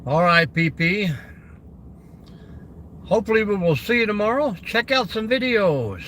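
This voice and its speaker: A man hosts a casual livestream and greets his viewers by name as he rambles. His bright, fairly high voice swings up and down a lot, and he takes his time. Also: sing-song, unhurried, slight background noise. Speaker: camping channel host.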